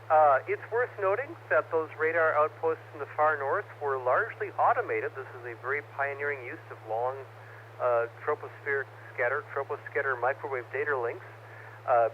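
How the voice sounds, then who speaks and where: A man on a ham radio net, delivering wry, deadpan commentary at an ordinary pitch. His voice comes through a muffled, lo-fi transmission with a faint hiss behind it. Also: normal speed. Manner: wry, dry humor. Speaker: net participant.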